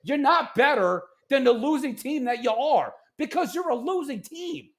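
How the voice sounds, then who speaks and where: A man co-hosting a casual sports podcast, ranting in an animated, exasperated way that often turns loud. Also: very high voice, moderate pace. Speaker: podcast co-host.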